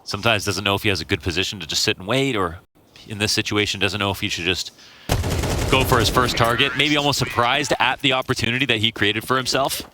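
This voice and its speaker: A man's voice: fairly low pitch, steady tone, quick pace, sharp tone, a little hiss or hum. A man giving laid-back esports color commentary, joking and laughing with his partner. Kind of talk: live esports analysis.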